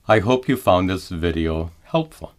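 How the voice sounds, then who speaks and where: Slow, lively-pitched man teaching chant. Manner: slow, careful explanation with drawn-out chanted examples. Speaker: mantra teacher. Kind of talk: scripted lesson narration.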